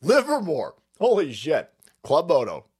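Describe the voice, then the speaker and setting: Male streamer, profane political ranting, lively swooping pitch, slightly high voice. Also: a little slow, husky. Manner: profane, animated, laughing rants. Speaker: livestream host.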